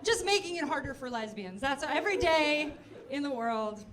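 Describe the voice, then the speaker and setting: A woman doing a stand-up comedy set in a club, chatting quickly with the crowd in quick asides. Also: high voice, animated. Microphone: handheld stage mic. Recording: noisy live club recording.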